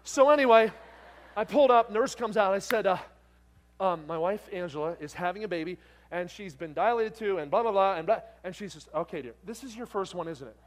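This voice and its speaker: A middle-aged male preacher with a fairly high voice tells a story from the pulpit. He acts out the voices in it and swings from loud, excited bursts down to soft, tender moments. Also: fairly quick. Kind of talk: sermon with storytelling.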